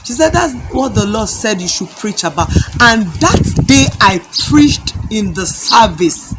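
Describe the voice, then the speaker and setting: A woman's voice: mid-range voice, lively intonation, unhurried. A middle-aged woman preacher sharing a testimony and praying, fervent and repeating her phrases. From Nigeria. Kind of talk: testimony and prayer. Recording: loud background noise with birdsong.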